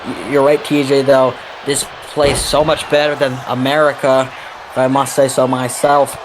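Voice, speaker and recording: A male play-by-play commentator calls a wrestling match at speed and jumps to shouts on the near falls. Steady background noise sits behind his voice. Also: medium pitch, moderate pace.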